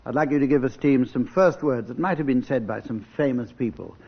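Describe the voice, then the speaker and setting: An older man chairing a comedy panel game on radio, announcing scores and rounds in a dry, deadpan way. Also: medium pitch, a little fast, creaky. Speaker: quiz show chairman. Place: radio studio before an audience. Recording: dull 1980s radio recording.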